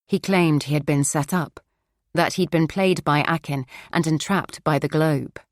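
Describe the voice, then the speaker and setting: A woman narrating a thriller audiobook in the third person, measured and steady. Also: deep voice, dry recording, studio quality.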